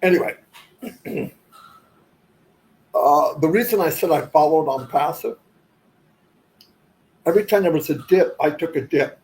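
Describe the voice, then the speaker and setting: A man hosts a livestream, chatting casually in a slightly high voice at a measured pace with long pauses, on a low-quality recording. He rambles and loses his thread, often moving on with "anyway."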